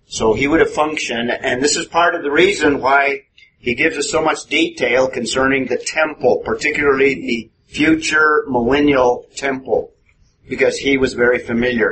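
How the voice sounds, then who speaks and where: Male Bible teacher, mid-pitched voice, steady explanatory delivery, noisy classroom tape. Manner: methodical, explanatory, asks the class questions. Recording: noisy room recording.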